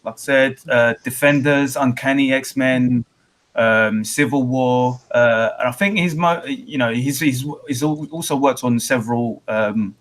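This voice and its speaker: A man hosting a casual podcast, talking haltingly over a computer call. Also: mid-range voice, fairly bright tone. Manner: hesitant, many fillers and restarts. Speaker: podcast host. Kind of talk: casual chat. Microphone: computer on a remote call.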